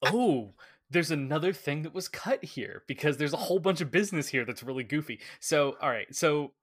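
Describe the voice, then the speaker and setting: A man co-hosting a casual film chat, retelling scenes with lively acted-out quotes. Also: on the high side, moderate pace. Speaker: film podcast co-host.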